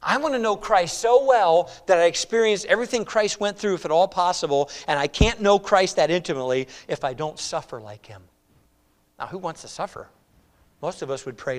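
A man preaching a sermon emphatically, repeating words and phrases, swinging between loud exclamations and hushed, near-whispered lines. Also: high-pitched, expressive, brisk.

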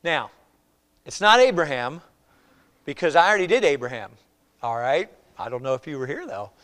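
Male pastor, slightly high voice, informal preaching style, shifts from loud to soft. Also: very animated, normal speed. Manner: conversational, asks "all right?" often, swings from loud to quiet. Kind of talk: sermon. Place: church.

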